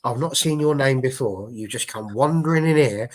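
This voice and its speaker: A man hosting a fan show, chatting excitably and rambling with restarts. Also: medium pitch, normal speed. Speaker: host. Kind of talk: casual chat.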